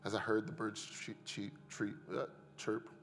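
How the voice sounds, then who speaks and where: A man's voice: on the low side, little pitch movement, moderate pace, long reverb tail. Man preaching with rising passion. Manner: builds from hushed to loud and impassioned; addresses the congregation as "y'all". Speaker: pastor. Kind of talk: sermon.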